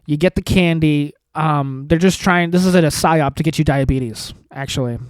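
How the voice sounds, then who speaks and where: A man hosting a solo comedy podcast, rambling through self-mocking dark jokes and sarcastic asides. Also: fairly high pitch, normal speed, clear, resonant tone, dry recording. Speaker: podcast host.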